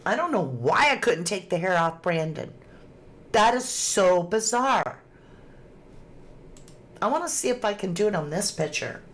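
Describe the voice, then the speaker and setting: A woman's voice: mid-range voice, very animated, unhurried, long pauses. A woman hosting a casual livestream, chatting and reading viewer comments aloud with frequent laughs. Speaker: true crime livestream host.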